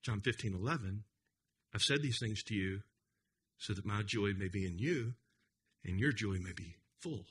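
A man's voice: on the low side, moderate pace, long pauses, a bit bright, slight background noise. A man preaching a conference sermon as a pastor, earnest and emphatic, often restarting and repeating his words. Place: conference hall.

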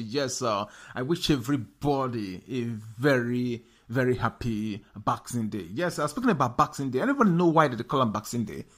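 A man's voice: mid-range voice, fairly bright tone. A man hosting a YouTube news channel, speaking in casual Nigerian Pidgin English, rambling and chatty, often checking in with his listeners. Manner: rambling, chatty, frequent "you get me?". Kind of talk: casual commentary to camera.

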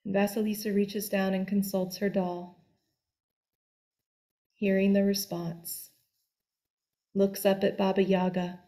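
Woman storyteller, folk tale, very slow, deliberate, expressive, medium pitch.

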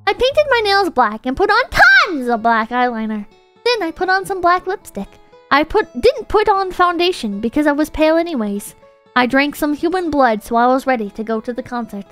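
A woman's voice: high voice, normal speed, faint music behind. A woman streamer doing a comedic dramatic reading with mocking asides. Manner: animated, mocking, laughing asides.

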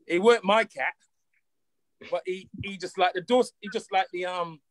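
A man with a Caribbean accent speaks with a fairly high voice, recorded dry and close on a video call. He chats in a relaxed, joking way and circles back over his own phrases, the sound of a guest on a live talk show. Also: moderate pace, no room sound. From West Indies. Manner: easygoing, jokey, repeats himself. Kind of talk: casual chat.

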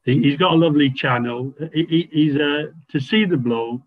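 A man's voice: on the high side, moderate pace. Enthusiastic man on a tinny line. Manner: enthusiastic, rambling, stumbling restarts. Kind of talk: casual chat on a video call. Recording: tinny phone-line audio.

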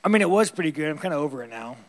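Man, fighter, press conference, profane, blunt, rambling, laughs a lot, higher-pitched voice. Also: expressive, racing.

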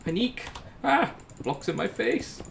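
Animated man narrating his gameplay. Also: unhurried, slight background noise. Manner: jokey, self-narrating, swings into high squeals when startled. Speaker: gaming YouTuber. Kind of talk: casual gameplay commentary.

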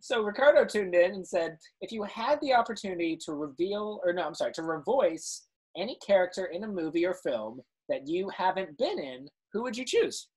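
A man's voice: sits high, lively intonation, brisk, a little mellow, slightly rough. A young man hosting a live interview show. He is upbeat and laughs often as he reads out viewer questions. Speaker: livestream host.

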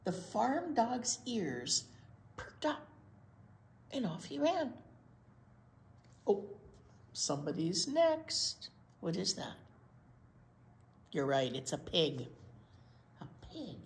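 A woman reading a picture book to small children, her voice rising and falling with great animation. She takes her time, stopping to ask little questions, in a room with a clear echo. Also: medium pitch, big pitch swings, slow pace, long pauses, a little mellow. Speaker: children's librarian. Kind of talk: picture-book read-aloud storytime.

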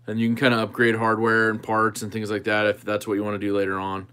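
A man with a lowish, clear and resonant voice hosts a knife channel livestream, talking fast with a sharp tone and a completely flat delivery. He chats casually with viewers and thinks aloud while tinkering with a knife.

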